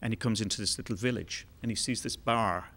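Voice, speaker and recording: A man telling a long joke on stage in a relaxed, rambling way, with fillers. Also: on the low side, fairly quick. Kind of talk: told joke, live storytelling. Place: concert hall.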